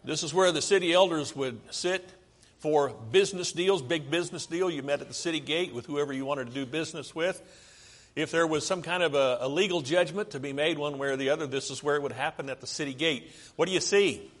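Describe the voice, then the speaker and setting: A man's voice: a little high, fairly quick, a bit bright. An American man preaching a sermon, talking through slides and asking the audience questions. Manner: conversational, asks the audience questions. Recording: long hall reverb.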